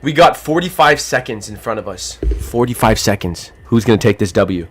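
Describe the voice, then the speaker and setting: A livestream host who is losing his voice, calling a giveaway race with animated, rapid play-by-play. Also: lowish voice, husky. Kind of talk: excited duck-race commentary on a livestream.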